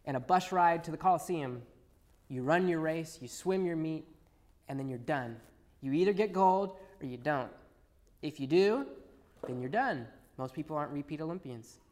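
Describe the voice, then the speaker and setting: Male preacher, fairly high voice, sermon, echoing hall, loud peaks and quiet dips. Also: normal speed. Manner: animated, swings between loud emphasis and quiet asides. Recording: long reverb in a large hall.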